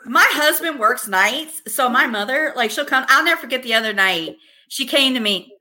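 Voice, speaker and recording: A woman's voice: high voice, animated, normal speed, pushed and bright. A woman in casual group chat, swearing freely and acting out her mother's lines as she tells stories.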